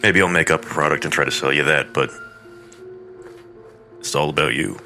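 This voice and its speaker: A man's voice: extremely low pitch, fairly even intonation, normal speed, sharp tone, faint music behind. A man hosting a horror story podcast, narrating a folk tale with crude, irreverent joking asides.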